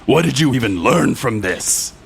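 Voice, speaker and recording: An actor playing a gruff, put-upon male construction worker who grumbles indignantly. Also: mid-range voice, very animated, moderate pace, a little hiss or hum.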